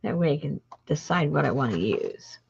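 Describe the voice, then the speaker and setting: A woman's voice: deep voice, very animated, moderate pace, creaky, darkish tone, breathy edge, lo-fi sound. A woman hosting a crafting video, chatting casually and thinking aloud as she works. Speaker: crafting channel host. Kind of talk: casual chat while crafting.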